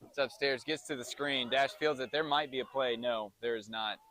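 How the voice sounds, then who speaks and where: A man's voice: mid-range voice, fairly even intonation, moderate pace, sharp tone. A middle-aged man, a dad doing amateur play-by-play commentary of his son's youth baseball game in a chatty, self-joking announcer manner.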